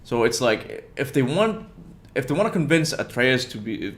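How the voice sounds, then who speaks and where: A man hosting a casual gaming podcast over a remote call, excitable, laughing often and tripping over his words. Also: medium pitch, moderate pace. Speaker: podcast host.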